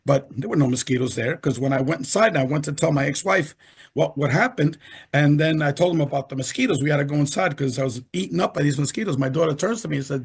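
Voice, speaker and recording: Gravelly older man telling a story. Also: a little high. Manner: emphatic, repeats himself, many asides. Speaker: interview guest. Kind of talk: animated storytelling in conversation.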